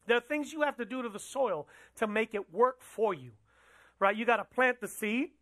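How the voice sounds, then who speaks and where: With a mid-range, somewhat bright voice and a moderate pace, a pastor preaches in a church. The delivery is conversational, asking the audience questions and repeating phrases for emphasis.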